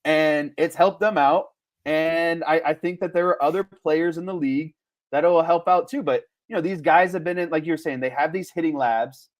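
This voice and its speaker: Animated man in casual sports chat. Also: on the high side, normal speed. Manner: animated, laughs often. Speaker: podcast co-host.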